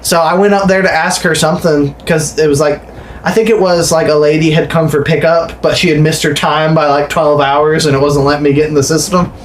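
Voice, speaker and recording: Male podcast co-host from West Virginia, animated storyteller, slightly high voice, faint background hiss. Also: brisk. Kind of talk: casual chat.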